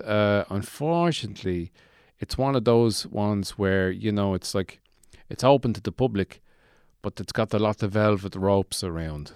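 A man's voice: lowish voice, darkish tone, clear, resonant tone, dry recording, studio quality. A man voicing a deluded, gloomy man who lives in a shed, rambling in a meandering, self-pitying yet chirpy way.

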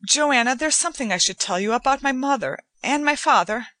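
A woman voicing an anxious young man who speaks haltingly in a storybook reading. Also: sits high, pushed and bright, dry recording, pitched above the performer's own voice, exaggerated voice. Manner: halting, nervous.

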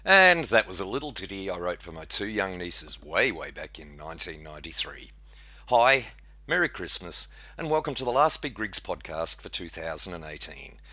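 A jovial man hosting a podcast with a cheeky streak, his low voice bright and forward. He rises and falls in a lively way, recorded dry and close. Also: moderate pace, no room sound. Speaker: podcast host. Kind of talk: podcast hosting and rhyming poem reading.

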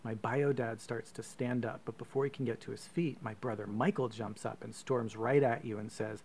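Gravelly man telling a comic adventure story. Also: medium pitch, normal speed, few pauses, slight background noise. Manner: comic, profane storytelling with deadpan asides. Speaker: podcast co-host. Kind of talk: reading a choose-your-own-adventure story aloud.

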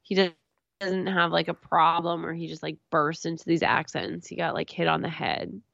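Female podcast co-host, relaxed teasing talker, gravelly voice, dull dry recording. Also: sits low, normal speed, no echo. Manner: laid-back, teasing, lots of "like". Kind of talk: casual chat.

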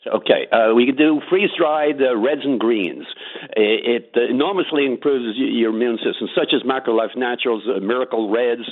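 A man calling in to a radio show, giving advice in a brisk, matter-of-fact way with many pauses on "uh". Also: medium pitch. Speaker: caller. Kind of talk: phone-in advice. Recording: tinny phone line.

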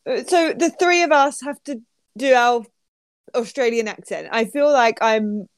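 A woman co-hosting a casual chat, giggly and quick with anecdotes. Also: a little high, dry recording. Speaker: podcast co-host.

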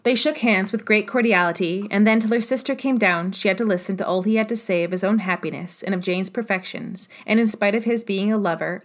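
A woman reading a classic novel aloud as an audiobook narrator, even and measured. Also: medium pitch.

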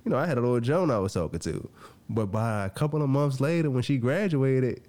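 A man hosting a podcast, telling a personal story in a casual, animated way, acting out what people said and laughing often. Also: mid-range voice, brisk. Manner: animated, acts out quoted lines, laughs often. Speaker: podcast host.

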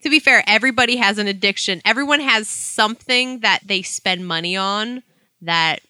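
A young adult woman in casual chat, cursing freely and telling animated stories. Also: mid-range voice, moderate pace, smooth, no echo. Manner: profane, animated storytelling.

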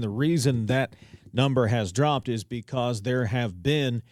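A man's voice: mid-range voice, measured pace, a little mellow, no room sound. A man hosting a local talk radio show, reading headlines and commenting in a conversational way with wry asides. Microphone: studio microphone. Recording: dry studio sound.

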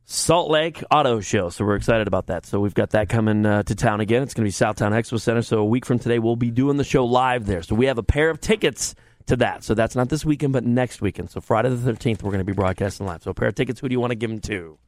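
A man's voice: mid-range voice, fast talker, darkish tone, no room sound. A man in his forties hosting a radio show, chatting and joking in a casual, self-mocking way from a studio microphone. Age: 40s. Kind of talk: casual on-air banter.

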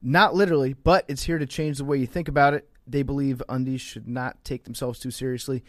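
A man's voice: mid-range voice, fairly even intonation, brisk, dry recording, studio quality. A man co-hosting a podcast, reading sponsor ads with crude joking asides. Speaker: podcast co-host. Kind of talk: ad read.

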